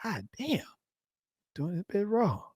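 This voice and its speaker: A man with a fairly high voice hosts a reaction commentary, joking and mocking as he talks. The sound is dry and close, with no room echo. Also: wildly swooping pitch, unhurried, darkish tone, slightly rough. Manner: joking, mocking, laughs often. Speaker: host reacting to a clip. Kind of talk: casual commentary.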